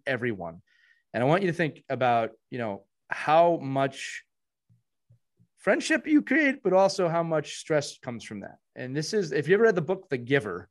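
Man, podcast host, casual chat, warm, rambling, repeats himself. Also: medium pitch. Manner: warm, rambling, many restarts.

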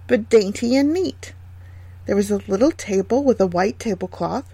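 A woman reading a fairy tale aloud in a gentle, measured way. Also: medium pitch, no room sound. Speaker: storyteller.

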